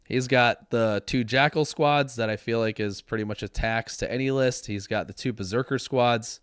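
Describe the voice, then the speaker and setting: A man's voice: medium pitch, normal speed, clean tone, no echo, studio quality. A man co-hosting a casual gaming chat show, rambling and sometimes losing his words mid-sentence. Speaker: podcast co-host. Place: home studio.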